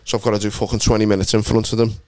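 A man, a stand-up comedian and podcast co-host telling sweary, animated stories in casual chat. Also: lowish voice, rapid-fire, clear, resonant tone, no room sound.

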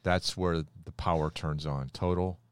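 Low-voiced animated storytelling podcast host. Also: male voice, normal speed, no echo, clean studio sound. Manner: animated storyteller who acts out the quoted lines. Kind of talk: casual Bible storytelling chat.

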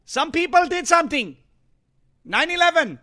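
A man's voice: extremely high pitch, sing-song, moderate pace, pushed and bright, voice pushed up, heavily acted. A man doing a mocking caricature of a dismissive female politician. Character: mocked female congresswoman, dismissive.

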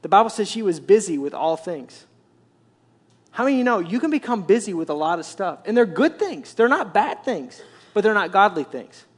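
A man pastor preaching a sermon, telling the story in an animated way with repetitive, emphatic phrasing. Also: high-pitched, fairly quick, slightly rough.

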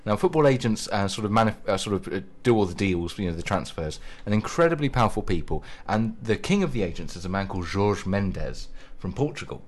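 A man co-hosting a radio show, chatting casually and rambling with many pauses and restarts. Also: on the low side, big pitch swings. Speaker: radio co-host.

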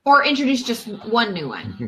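A woman's voice: a little high, wildly swooping pitch, moderate pace, a bit bright, slight background noise, low-quality recording. A woman co-hosting a podcast, chatting casually with many fillers as she thinks aloud. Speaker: podcast co-host. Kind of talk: casual chat during a movie watch-along.

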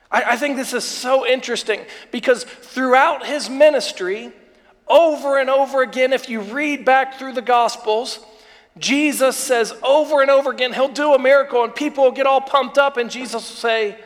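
A man with a very high voice preaches a sermon, stacking repeated phrases and drawing out the words he wants to land. His voice rings out with a long reverb, as if he were in a big hall. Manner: builds up with repetition, slows for emphasis. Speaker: pastor. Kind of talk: online sermon.

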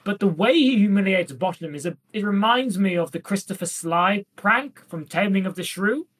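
A woman co-hosting a relaxed comedy podcast, deadpan and playful, who slips into silly voices as she talks. Her voice is husky and a little breathy, in a mid pitch. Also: normal speed. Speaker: podcast co-host. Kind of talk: casual comedic chat about Shakespeare.

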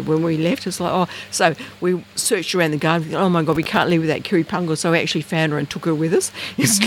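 Middle-aged woman, storyteller, lively and expressive, high squeaky jumps for quoted voices, faint noise outdoors. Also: rough recording. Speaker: guest storyteller. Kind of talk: casual outdoor chat. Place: outdoors at night in bush.

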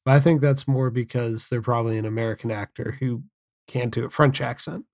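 A man's voice: medium pitch, steady tone, brisk, a little mellow. A man co-hosting a film podcast, chatting casually with dry, rambling asides. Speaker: podcast co-host.

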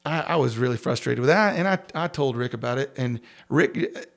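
A man, a pastor, telling a personal story in a casual interview, talking in halting bursts with many restarts and self-deprecating chuckles. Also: mid-range voice, expressive, creaky.

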